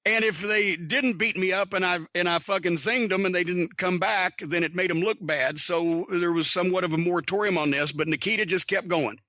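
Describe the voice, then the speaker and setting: High-voiced blunt profane man storyteller. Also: a little fast, few pauses, pushed and bright, no room sound. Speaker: podcast host. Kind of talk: casual storytelling monologue.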